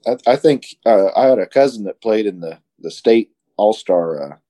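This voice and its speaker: A man's voice: on the low side, animated, normal speed, warm tone. A man from Indiana, a guest on a casual chat, talking hesitantly with many fillers.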